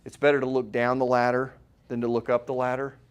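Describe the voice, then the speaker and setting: A man's voice: mid-range voice, little pitch movement, a little fast, clear, resonant tone. A middle-aged man, a chiropractor, giving a live seminar talk to an audience in a room, conversational and full of rhetorical questions.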